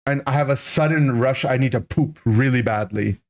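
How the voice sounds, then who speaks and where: A man's voice: mid-range voice, moderate pace. Rambling man telling a childhood story. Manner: animated, rambling, full of "right?" and "like". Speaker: streamer. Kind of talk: casual storytelling to a live chat.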